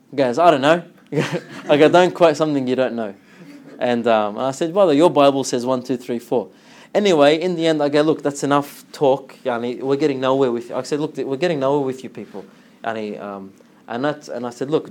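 A man giving an informal religious talk, telling a story with lively acted-out dialogue and frequent laughter. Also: medium pitch. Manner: animated storytelling, acts out dialogue, laughs often. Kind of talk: informal religious lesson with anecdote.

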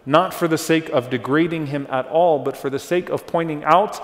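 A man delivering a religious lecture in a large hall, his voice slightly higher than usual for a man and trailing off in a long reverb. He explains step by step, repeats key names and checks in with his listeners. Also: normal speed. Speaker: Islamic lecturer. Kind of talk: religious lecture on early Islamic history.

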